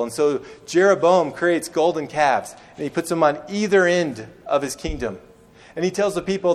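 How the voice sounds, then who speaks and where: A man's voice: a little high, animated, moderate pace. A young man preaching a sermon, telling stories conversationally and acting out quoted lines, sometimes restarting words. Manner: storytelling with acted-out quotes. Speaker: pastor.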